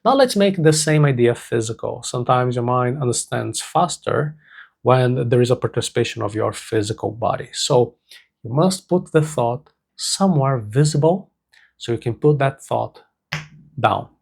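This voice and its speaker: A man teaching a self-help lesson, speaking slowly and deliberately and repeating key words for emphasis. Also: medium pitch, expressive, vocal fry, a little mellow, breathy edge. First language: Portuguese.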